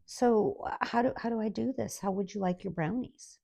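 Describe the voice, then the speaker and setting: A bewildered teen boy stumbles through an order, put on by a woman. The voice is raised above her own and keeps a husky, gravelly grain. It is close and dry. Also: mid-range voice, normal speed, mellow, no echo, voice pushed up. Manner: bewildered, fumbling questions. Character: clueless teenage boy behind the counter.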